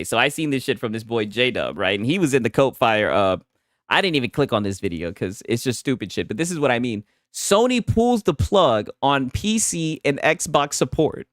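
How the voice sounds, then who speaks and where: A man's voice: a little high, a bit bright, no echo, clean studio sound. A man hosting a casual gaming livestream, reading chat aloud, talking loose and profane with frequent laughs and restarts.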